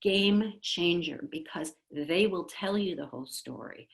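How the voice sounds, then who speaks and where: A woman's voice: low voice, expressive, measured pace, creaky. A middle-aged woman, a speech pathologist, giving an upbeat, chatty conference talk to parents and educators and acting out little quotes. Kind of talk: conference presentation. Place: school district virtual conference.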